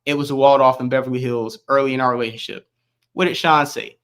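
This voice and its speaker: A man reading court transcript aloud as an online news commentator, halting and repeating words, with casual asides. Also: medium pitch, fairly even intonation, fairly bright tone. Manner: reads in a rushed, halting way, stumbling and repeating words.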